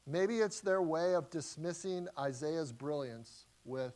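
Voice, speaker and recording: A man delivering an expository sermon as a pastor, teaching verse by verse in a conversational, animated way with frequent restarts. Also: fairly high pitch, a little slow.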